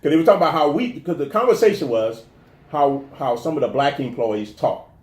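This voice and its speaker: A man from the telling stories in a casual interview, animated and restarting his sentences often. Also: fairly high pitch, brisk, echoey room. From American South. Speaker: guest talking about his life.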